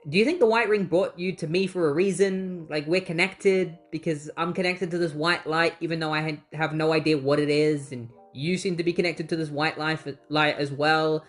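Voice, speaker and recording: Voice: medium pitch, steady tone, normal speed, few pauses, lightly acted. An earnest young heroine, hopeful and searching, as a comic reviewer reads her lines aloud in a plain voice. Her speech is casual and conversational, with faint music underneath. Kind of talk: casual paraphrase of comic dialogue.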